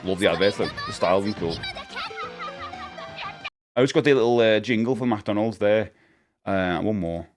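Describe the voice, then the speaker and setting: A man's voice: lowish voice, moderate pace, long pauses, faint music behind. A man chatting casually to his live-stream viewers. He rambles and corrects himself as he goes, and he laughs often. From United Kingdom.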